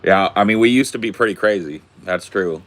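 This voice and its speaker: A man in his forties with a very low, deep voice, chatting casually with viewers. He jokes around and rambles at an unhurried, relaxed pace. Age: 40s. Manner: laid-back, joking, rambling. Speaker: streamer answering viewer questions. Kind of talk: casual chat.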